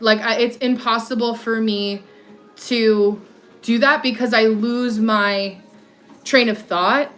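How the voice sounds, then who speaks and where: This livestream host, a woman in her thirties described as an alto, speaks here on the high side with a slightly bright tone. She walks and talks on her phone, rambling with frequent "like" fillers and replying to comments from viewers.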